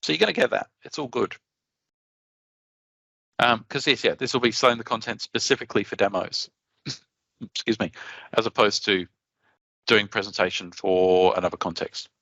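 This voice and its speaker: An Australian man giving a conference talk, his voice gravelly yet bright and forceful. He is chatty and animated and often restarts his sentences. The recording is dry and a little dull. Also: fairly low pitch, normal speed, pauses often, no room sound. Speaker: conference presenter.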